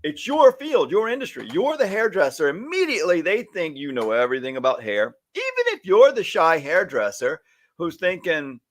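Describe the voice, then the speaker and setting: A man's voice: fairly high pitch, normal speed. A man co-hosting a casual chat about salon work, acting out little scenes as he talks. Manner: animated, acts out little scenes with voices. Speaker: podcast co-host, stylist educator. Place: home or studio, live stream.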